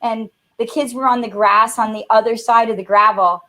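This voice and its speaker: A woman's voice: a little high, moderate pace. A woman, a motivational speaker telling a childhood story in a webinar conversation and acting out the voices in it. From Canada. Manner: animated, acts out voices in her stories.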